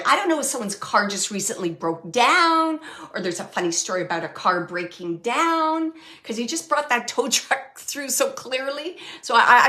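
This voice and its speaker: Bright-toned woman medium giving a reading. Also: medium pitch. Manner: halting, repeats phrases, many fillers; relays messages, quotes the dead man. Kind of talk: live audience reading, thinking aloud.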